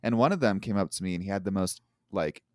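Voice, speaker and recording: A man's voice: low voice, quick pace, no room sound, studio quality. A man guesting on a podcast, chatting casually and playfully mimicking people he met. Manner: lively, playful voices for quotes. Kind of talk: casual interview chat.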